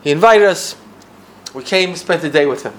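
An older man from the United States telling a personal story, swinging between loud bursts and hushed asides. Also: fairly high pitch, normal speed.

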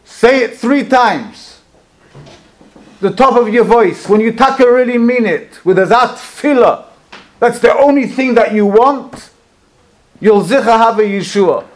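A man's voice: medium pitch, animated, slow pace, long pauses. Man doing a fervent old rabbi. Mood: fervent shouting. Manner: urgent, rising to shouts. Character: aged rabbi, revered, fervent and tender. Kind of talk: storytelling sermon.

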